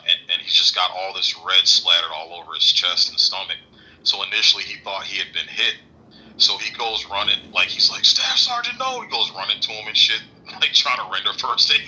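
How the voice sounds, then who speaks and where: A man with a very low voice that still sounds sharp and forceful. He tells a crude story in a casual, laughing way over audio that sounds like it came through a phone. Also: fairly even intonation, poor audio. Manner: laughing, profane, quick asides.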